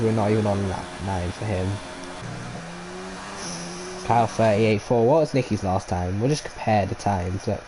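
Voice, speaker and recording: A man with a head cold and a blocked nose calls a live online race, his voice sitting at an ordinary middle pitch. He jumps up in excitement when cars go side by side and slips into dry sarcasm in between. A clear hum of air conditioning runs underneath. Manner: excitable, rising sharply in tense moments, dry sarcasm. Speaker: esports race commentator. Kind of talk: live sim racing commentary. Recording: home setup with clear background noise.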